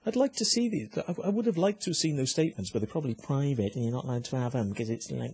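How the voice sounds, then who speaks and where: On a vlog, a British-accented man reads out a complaint ruling while ranting angrily, heated, profane and mocking. His medium-pitched voice is expressive and brisk, darkish in tone with a breathy edge.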